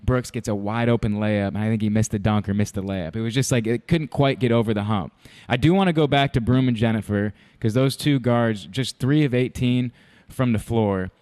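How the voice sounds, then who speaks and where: A man's voice: medium pitch, fairly quick, darkish tone. A man hosting sports radio, asking the analyst long, rambling questions about the team's guards.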